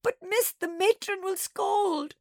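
A woman's voice: very high-pitched, takes it slowly, no echo, clean studio sound, voice pushed up, heavily acted. A woman voicing a small schoolgirl who sobs and pleads. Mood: sobbing. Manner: wailing, pleading. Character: sobbing little schoolgirl.

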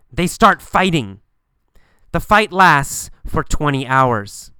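Man, English pronunciation teacher, slow deliberate delivery, lively pitch, dry close sound. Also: no echo. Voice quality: crisp, clear, bright voice. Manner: slow and emphatic, repeating phrases for learners to copy. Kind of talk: slow, deliberate language-lesson storytelling.

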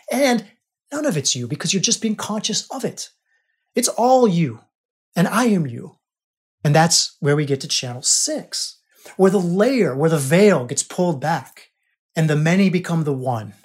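A man's voice: a little high, husky. A man hosting a podcast as a coach, teaching in an emphatic, repetitive way. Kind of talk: spiritual coaching monologue.

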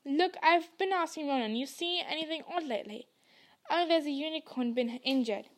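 A woman reading aloud and voicing a gruff, burly male gamekeeper with rough, folksy speech. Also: sits high, moderate pace. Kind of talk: audiobook reading.

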